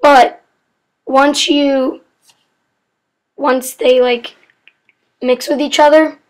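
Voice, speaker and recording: A woman's voice: sits high, level tone, very slow. A woman explaining chemistry facts in a casual, rambling way, often getting sidetracked and correcting herself with apologetic asides.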